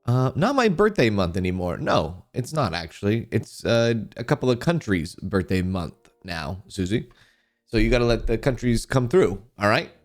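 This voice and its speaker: A man streamer in casual livestream chat, greeting viewers by name and trailing off into restarts. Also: mid-range voice.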